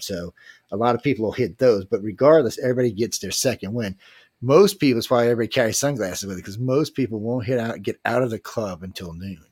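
A man with a New Orleans accent hosts a casual chat show, spinning long, meandering stories with plenty of cursing and easy chuckles. His voice sits fairly low, and the recording is close and dry with no room sound. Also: husky, no room sound. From New Orleans, USA. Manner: loose, rambling, swears freely, chuckles between lines.

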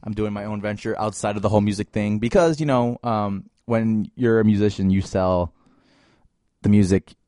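A man's voice: fairly low pitch, moderate pace, dark tone, no echo, studio quality. A man in his early twenties co-hosting a podcast in loose, profane casual chat, laughing often. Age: 20s. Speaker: podcast co-host. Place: small hot room.

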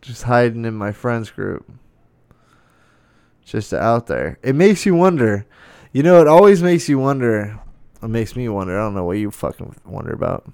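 A man's voice: medium pitch, very animated, moderate pace, vocal fry, darkish tone, clear, resonant tone, no room sound. A man hosting a podcast, ranting in a casual monologue, swearing a lot and sounding incredulous. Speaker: podcast host.

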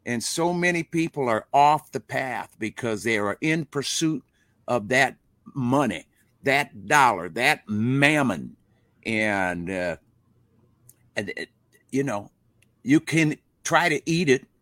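A man's voice: mid-range voice, expressive, slow pace, a bit bright, dry recording. An older man, a rock musician guest in a casual interview, speaking in a preachy, impassioned way with folksy grammar. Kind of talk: casual interview over a live stream.

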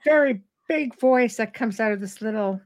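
Middle-aged woman hosting a live show, robust lively voice, chatty. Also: fairly high pitch, moderate pace. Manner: robust, animated speaker. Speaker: host. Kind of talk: casual chat.

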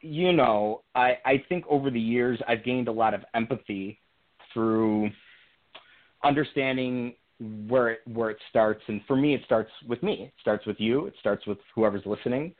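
A young man speaks over a thin, tinny phone line into a radio show, his pitch sitting in an ordinary middle range. He talks in a reflective, earnest way, stumbling and restarting as he works through his thoughts. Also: moderate pace. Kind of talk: casual conversational storytelling.

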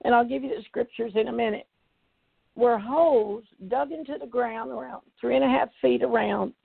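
A woman's voice: a little high, fairly even intonation, normal speed, gravelly, slightly rough, dry recording. An older evangelist woman, giving an emphatic testimony and repeating phrases for effect. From Tennessee, US. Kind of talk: testimony preaching. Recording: tinny phone-like audio.

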